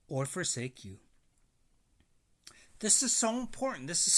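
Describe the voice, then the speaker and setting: A man preaching on a Bible passage, emphatic and repeating his points in new words. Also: fairly high pitch. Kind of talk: Bible teaching.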